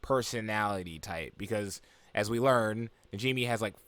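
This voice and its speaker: Young guy, anime reviewer, low voice, loose rambling recap, dry close sound. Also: normal speed, fairly bright tone, dry recording. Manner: rambling, full of fillers and asides.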